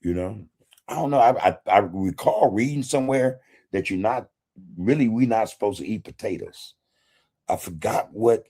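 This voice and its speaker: A man's voice: lowish voice, lively intonation, normal speed, warm tone, husky. A man hosting a casual livestream, reading chat comments in a laid-back way, swearing freely and chuckling often. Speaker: podcast host reading live chat.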